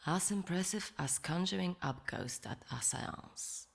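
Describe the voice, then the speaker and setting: An actress playing a sarcastic, skeptical academic in a story game, with a dry, mocking delivery. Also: female voice, fairly low pitch, measured pace, creaky.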